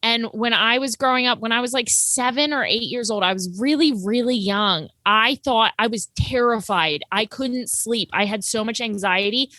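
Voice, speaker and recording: Bright, animated young woman storyteller. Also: fairly high pitch, normal speed, hardly any pauses, dry recording. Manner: animated storyteller, acts out quotes with laughter. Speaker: podcast co-host. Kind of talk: casual chat.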